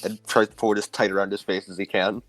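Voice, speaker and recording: Measured male player, low voice. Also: flat delivery, a bit bright, no room sound, soft background music. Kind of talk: casual game chat.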